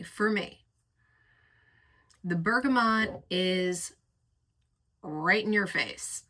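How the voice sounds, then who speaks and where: A woman with a low-set but bright, forceful voice reviews perfumes in an unhurried, chatty way. She lingers over each word and gushes about the scents with vivid, sensual imagery, taking her time to let each phrase land. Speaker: fragrance reviewer. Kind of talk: casual reviewing chat.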